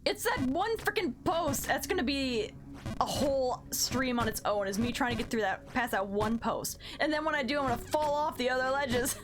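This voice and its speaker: A woman live-streaming a game, counting her jumps out loud, yelping when she falls and joking with her chat. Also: high voice, animated, normal speed. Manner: counts aloud while playing, yelps at failures; self-mocking, playful chatter with chat. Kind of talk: live gameplay commentary. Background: background music.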